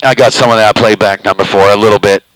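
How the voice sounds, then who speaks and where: A man runs a live CB radio station from home, chatting loosely in a drawl and saying he eats the microphone, so he sits very close to it. His voice is fairly low and fairly even, and he talks fast. Background noise is audible.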